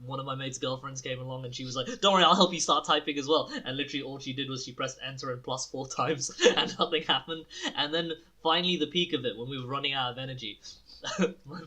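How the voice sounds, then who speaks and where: A young man co-hosting a casual podcast, telling stories in an animated way, acting out his friends' lines and laughing often. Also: medium pitch, fast. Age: young adult. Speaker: podcast co-host. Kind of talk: casual chat.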